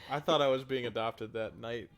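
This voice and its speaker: A man's voice: medium pitch, steady tone, normal speed, a crowd in the background. A young man co-hosting a podcast, joking and teasing his friend in casual chat. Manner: joking, teasing, laughs often. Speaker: podcast co-host.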